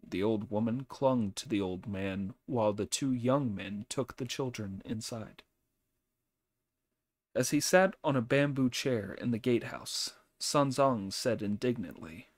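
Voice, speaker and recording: A man narrating an audiobook in a measured, expressive reading. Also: medium pitch, no echo. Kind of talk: scripted narration.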